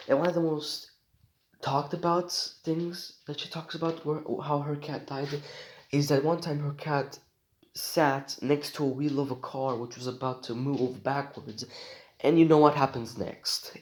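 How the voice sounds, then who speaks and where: A man's voice: mid-range voice, moderate pace, rough recording. A man, talking outdoors in a rambling personal vlog, meandering and repeating himself with plenty of fillers. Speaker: vlogger.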